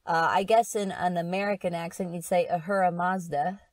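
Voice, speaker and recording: A woman's voice: on the low side, steady tone, fairly quick, dry recording. A woman hosting a casual podcast, explaining with frequent laughs. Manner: explaining, giggly. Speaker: podcast host. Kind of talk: casual chat.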